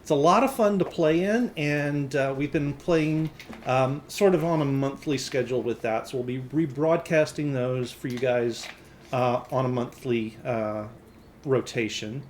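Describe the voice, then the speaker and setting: A man's voice: medium pitch, measured pace, slight background noise. A man hosting a tabletop game stream, giving loose, rambling announcements full of fillers and restarts. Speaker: game master and host.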